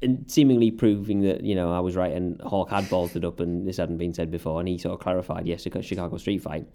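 A man's voice: sits low, steady tone, quick pace, mellow. A man recapping wrestling in casual podcast chat, sarcastic and often laughing. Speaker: podcast co-host.

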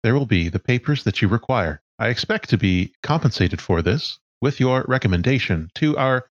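A man voicing a polite, scheming cyborg fixer who is part machine, speaking smoothly in a businesslike way. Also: mid-range voice, expressive, normal speed, no echo, dull audio, pitched above the performer's own voice, close to an everyday voice.

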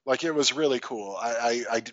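A man's voice: mid-range voice, brisk, fairly bright tone, no room sound, lo-fi sound. A man talking about a film in a casual chat, swearing freely and laughing often.

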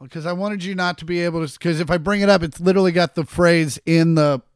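A man's voice: fairly high pitch, steady tone, fast talker, smooth, dry recording, studio quality. A man hosting a podcast in casual chat, swearing a lot and ranting in mock anger. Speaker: podcast host and comedian.

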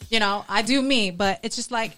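A woman in casual chat, talking in an emphatic, self-assured way with drawn-out phrases. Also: on the high side, fairly bright tone.

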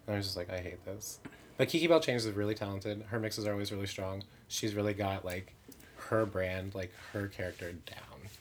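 A man's voice: on the low side, brisk, a little hiss or hum. A man who performs in drag, chatting candidly in an interview with many "like" fillers and self-mocking asides. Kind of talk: casual interview chat.

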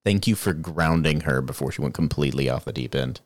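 A man's voice: rumbling low, a little fast, no echo, studio quality. A man co-hosting a casual podcast, recapping a show episode with wry jokes and asides. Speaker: podcast co-host.

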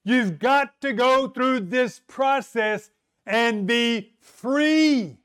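A man preaching a sermon, slow and emphatic, asking rhetorical questions and leaning on dramatic pauses. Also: extremely high pitch, fairly bright tone, clean tone.

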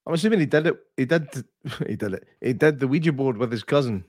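A man's voice: medium pitch, animated, fast talker, a little mellow, no room sound, clean studio sound. A Scottish man co-hosting a casual podcast, chatty and easygoing, swearing now and then. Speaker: podcast co-host.

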